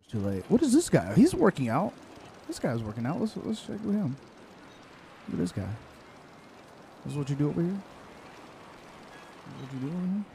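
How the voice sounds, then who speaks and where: A young man streaming a role-play game, chatting casually and taunting loudly when worked up. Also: fairly high pitch, big pitch swings, a little fast, gravelly, pauses often, slight background noise. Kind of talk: casual live commentary while gaming.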